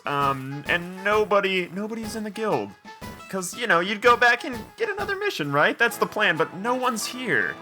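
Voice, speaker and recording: A man's voice: a little high, sharp tone. A man hosting a game playthrough, chatting casually and reading game dialogue aloud with joking asides. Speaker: let's play host.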